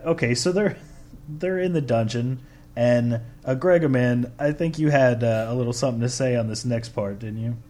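A man's voice: medium pitch, normal speed, warm tone. A man co-hosting a casual podcast, arguing his point sarcastically and steering the talk forward. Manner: sarcastic, argumentative. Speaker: podcast co-host. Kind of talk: casual chat about an anime.

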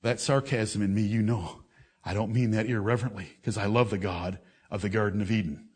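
Scolding his audience directly, a man preaches a fiery sermon that alternates between raised, loud proclamation and low, intense reasoning. His tone stays steady, his pace is a bit fast, and there's a breathy edge to his voice.

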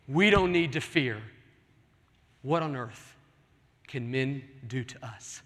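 A man's voice: mid-range voice, slow pace, long pauses, a bit bright, slight background noise. A man preaching a sermon as pastor, earnest and pleading with his congregation in a large church. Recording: long hall reverb.

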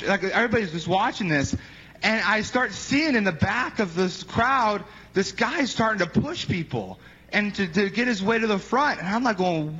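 An evangelist casually shares a faith-healing testimony, rambling with plenty of fillers and acting out other people's words. His voice is a little high and a bit bright, at a moderate pace, on a dull lo-fi recording.

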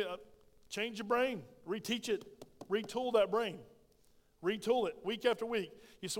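A man's voice: sits high, moderate pace, long reverb tail. A middle-aged male pastor, preaching a folksy, emphatic sermon that calls for amens from the congregation. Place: church sanctuary.

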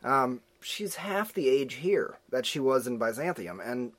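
A man hosts a casual movie podcast, venting loudly about what bugs him and cracking jokes. His voice sits at a middling pitch, and he talks in a loose, offhand way. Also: animated, a little slow. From United States. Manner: opinionated, ranting, joking. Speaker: podcast host. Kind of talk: casual movie review chat.

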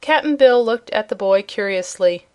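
A woman narrating a storybook chapter in an even, clear storytelling manner. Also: medium pitch, a little slow. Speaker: audiobook narrator.

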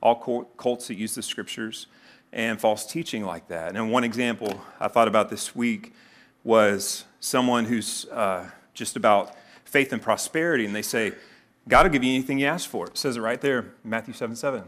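A man preaching a sermon, animated and conversational, jumping into quoted voices with sudden rises in pitch. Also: normal speed. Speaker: pastor.

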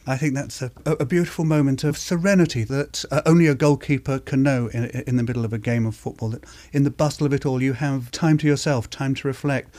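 A man from Britain hosts a reflective radio essay. He muses aloud, halting with fillers between thoughts. His voice sits at a middle pitch. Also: steady tone, a little mellow. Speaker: presenter and writer.

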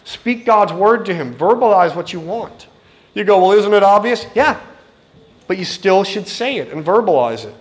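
A man's voice: high voice, animated, normal speed. A middle-aged man preaching a sermon in an earnest, direct way, speaking to the congregation and acting out the voices he quotes.

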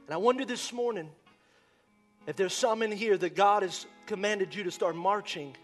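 A male pastor preaching a sermon with passion, swinging from shouts down to near-whispers. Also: high-pitched, moderate pace, soft background music.

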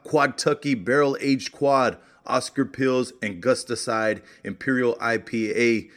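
Male podcast host, mid-pitched, laid-back and chatty, casual plugs and shout-outs. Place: beer hall.

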